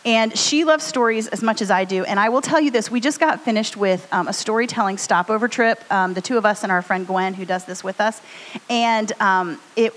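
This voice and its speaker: A woman co-hosting a live storytelling podcast, chatting with an audience in a rambling, animated way. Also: medium pitch, a little fast. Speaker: podcast co-host. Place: stage before a live audience. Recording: long hall reverb.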